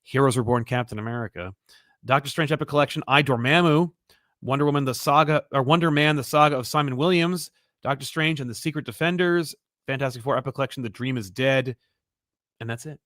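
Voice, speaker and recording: A man's voice: medium pitch, brisk, a bit bright, no room sound, clean studio sound. A man co-hosting a casual chat show, easygoing and agreeable, reading out viewer questions. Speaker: co-host.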